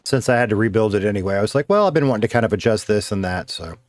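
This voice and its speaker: Low-voiced man chatting on a game stream. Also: animated, very fast, no echo. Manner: rambling, thinks aloud, chats with viewers. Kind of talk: casual live-stream chatter while gaming. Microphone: streaming mic with noise gate.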